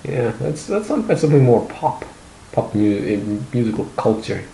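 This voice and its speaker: A man chatting on a podcast with a lively, bouncing delivery that swings up and down. He jokes, exaggerates for laughs and laughs often. The sound carries the echo of a roomy space. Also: medium pitch, normal speed, gravelly, slight background noise. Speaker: podcast co-host. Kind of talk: casual chat.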